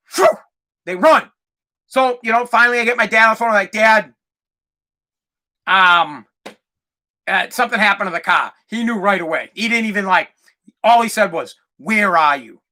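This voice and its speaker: A man, hosting a podcast and telling a rambling, profane story in a casual, animated way. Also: very high voice. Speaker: podcast host.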